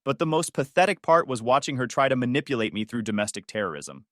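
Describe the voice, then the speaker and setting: A man's voice: mid-range voice, big pitch swings, fast, no echo. A young man narrating his own story in a dry, sardonic tone. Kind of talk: scripted first-person story narration.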